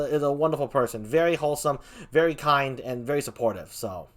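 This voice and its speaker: A man's voice: medium pitch, a little fast, few pauses. A man hosting a casual livestream interview, chatty and upbeat, greeting viewers as he goes. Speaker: show host.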